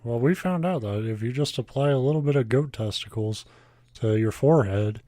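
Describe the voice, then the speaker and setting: A man's voice: medium pitch, a little fast, warm tone, no echo, studio quality. Man making crude joking asides. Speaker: podcast co-host. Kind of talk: casual comedic chat.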